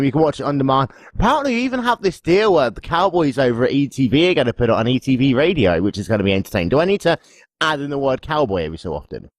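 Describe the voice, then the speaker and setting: A man co-hosting a podcast preview, chatting casually, joking and rambling. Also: medium pitch. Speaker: podcast co-host. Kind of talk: casual promo chat.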